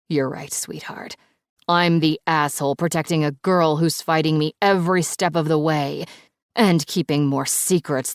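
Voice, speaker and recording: A woman's voice: low voice, vocal fry, dry recording, studio quality. A woman voicing a furious, menacing man. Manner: growling, threatening, swearing. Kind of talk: audiobook narration.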